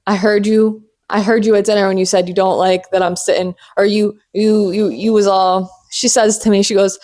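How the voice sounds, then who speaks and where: A woman's voice: mid-range voice, fairly even intonation, darkish tone. Playful swearing young woman podcaster. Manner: playful, swears freely, drawn-out teasing asides. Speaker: podcast host. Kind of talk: casual solo podcast chat.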